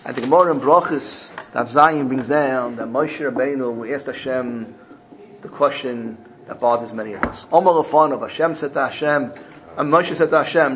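A man's voice: medium pitch, moderate pace, a little hiss or hum, rough recording. A man teaching a Torah class, telling a parable. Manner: animated storyteller, voices characters in the parable. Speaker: rabbi.

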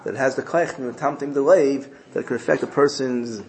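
A man's voice: mid-range voice, a little fast, gravelly, a little mellow, rough recording. A man teaching a Torah class, explaining Hebrew verses in English and mixing in Yiddish terms as he tells a story.

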